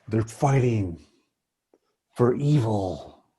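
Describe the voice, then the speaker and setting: A man hosting a relaxed chat show in a husky, slightly raspy voice. He jokes loosely and swears now and then. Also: lowish voice, drawn-out words. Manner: joking and loose, with mild swearing. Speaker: host. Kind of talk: casual political chat.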